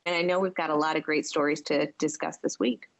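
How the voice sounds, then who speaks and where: A woman's voice: deep voice, steady tone, quick pace, creaky. A woman co-hosting a podcast, chatting in a friendly, easygoing way and often laughing. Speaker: podcast co-host. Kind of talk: casual chat.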